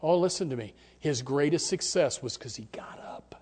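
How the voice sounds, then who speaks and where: High-voiced male preacher; sermon, hush-to-shout dynamics, repetitive bursts. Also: lively intonation, normal speed, hardly any pauses. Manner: dramatic swings from near-whisper to shouting; repeats words and restarts in bursts.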